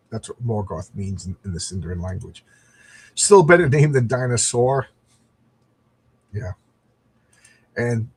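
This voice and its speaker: A husky, slightly rough-voiced middle-aged man talks in a loose, rambling way, hosting a casual livestream. He gets enthusiastic and stumbles over his words as he chats with viewers, in a voice of ordinary middle pitch. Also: a little mellow. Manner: rambling and enthusiastic, frequent restarts. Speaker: comics livestream host.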